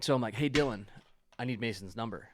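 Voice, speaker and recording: A man's voice: medium pitch, fast talker, a little hiss or hum. Man telling a prank story. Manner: animated storyteller, acts out quoted texts. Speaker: podcast guest. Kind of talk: casual storytelling chat.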